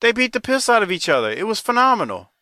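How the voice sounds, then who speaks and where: A man's voice: sits high, very animated, fast, bright, forceful tone, dry recording, studio quality. A man hosting a podcast in casual chat, laughing and swearing freely. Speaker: podcast host.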